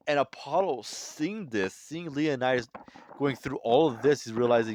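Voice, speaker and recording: A man's voice: mid-range voice, normal speed, a little mellow, dry recording. A man doing a casual, enthusiastic manga chapter breakdown, chatty, with lots of fillers and restarts. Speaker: manga commentator.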